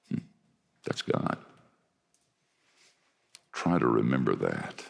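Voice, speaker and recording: An older male preacher delivers a sermon in a low, gravelly voice, moving slowly and deliberately. His pitch rises and falls with lively animation, from hushed asides to near shouts. The sound carries a long, lingering reverb, as in a large hall. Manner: emphatic, swings from hushed to shouting. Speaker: pastor.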